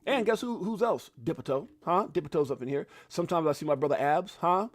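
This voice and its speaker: A middle-aged man runs a live crypto market show with a loose, jokey style, cursing casually and calling out viewers by name. His voice is slightly high for a man, lively in intonation and brisk, and the recording is dry and close with no room sound at all.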